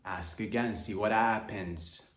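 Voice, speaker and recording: A man hosting a comedy podcast, rambling through a loose monologue, cursing freely and jumping into mock voices and loud outbursts. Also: lowish voice, steady tone, slow pace, echoey room, slight background noise.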